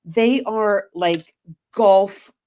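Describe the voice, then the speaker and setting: A middle-aged woman co-hosts a relaxed talk show as an energy healer. She chats casually and tells stories with animated back-and-forth voices. Her pitch sits in an ordinary middle range. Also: very slow. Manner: animated storytelling, acting out both sides of conversations. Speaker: co-host, psychic medium and energy healer. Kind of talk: casual podcast chat.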